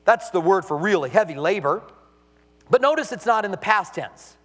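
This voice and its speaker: A male pastor preaching with a high, lively voice that swings up and down as he acts out the people he quotes. His sermon rings through a big hall with long reverb. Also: normal speed.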